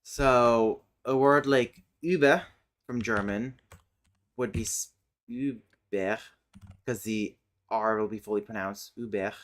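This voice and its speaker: A man streaming casually, thinking aloud as he works, muttering and humming to himself with many hesitant pauses. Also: medium pitch. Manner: mutters and hums to himself while working; slow, hesitant, with many fillers.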